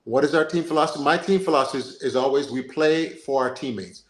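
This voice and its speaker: A man's voice: mid-range voice, fast talker, roomy sound. A man with a Jamaican accent hosting a casual football chat, talking animatedly and often checking in with "you understand?". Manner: animated, repeats himself, asks "you understand?". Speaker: podcast host.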